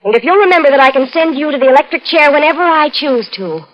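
A woman's voice: high voice, expressive, quick pace. A woman playing a young fiancée who turns into a cold, calculating blackmailer, in 1940s radio drama style, sweetly coaxing then icy. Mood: menacing. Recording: dull old radio broadcast.

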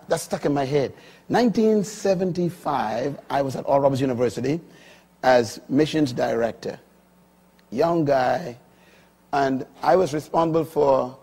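A man in his sixties preaching a sermon, swinging from quiet, low stretches to loud, high, emphatic lines. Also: measured pace, husky. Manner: dramatic swings from quiet to loud, rising pitch on key lines. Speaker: pastor.

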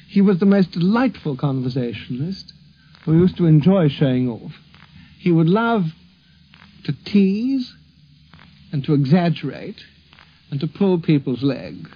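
Guy fondly remembering stuff, a bit high and husky, dull old recording. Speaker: interviewee. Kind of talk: reminiscing interview.

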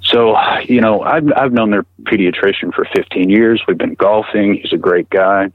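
A middle-aged man recounting a personal experience as an interview guest, halting and earnest, often repeating words as he talks. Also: fairly low pitch, no room sound, phone-quality sound. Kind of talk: personal account in conversation.

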